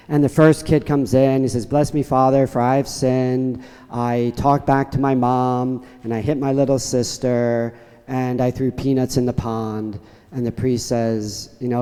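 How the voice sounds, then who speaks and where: A priest delivers his homily to the congregation, telling a playful story with an easy storyteller's touch. His voice is mellow and even in pitch. Long church reverb trails behind each phrase. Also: clear, resonant tone. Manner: storytelling with humor. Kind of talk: sermon.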